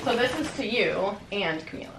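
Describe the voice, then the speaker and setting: A woman's voice: mid-range voice, animated, a little fast, vocal fry, background noise. A woman chatting casually with a friend at home, giggly and upbeat. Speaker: friend giving gifts. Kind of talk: casual chat. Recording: roomy home recording with music. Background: loud background music.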